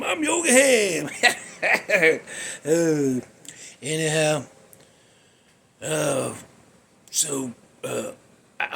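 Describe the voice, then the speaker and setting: A man's voice: a little high, creaky, a bit bright, slight background noise. A man hosting a podcast, telling a rambling comic story with folksy chuckles. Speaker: podcast host.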